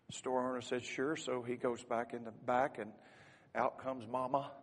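A man's voice: mid-range voice, little pitch movement, normal speed, long reverb tail. A man preaching a sermon as a pastor, telling a folksy story and teasing the congregation.

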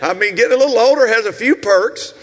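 A man in his sixties with a Southern US accent, preaching a sermon as pastor with shouted, rhythmic repetitions and asides to the congregation. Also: extremely high pitch, quick pace, in a large hall. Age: 60s. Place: church sanctuary.

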